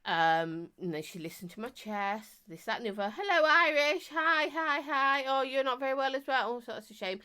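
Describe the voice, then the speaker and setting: Croaky woman streamer, higher voice with a lively, swinging pitch, chatty, self-deprecating. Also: normal speed, few pauses. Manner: chatty, self-mocking, greets viewers warmly. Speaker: live-stream vape reviewer. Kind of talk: casual live-stream chat.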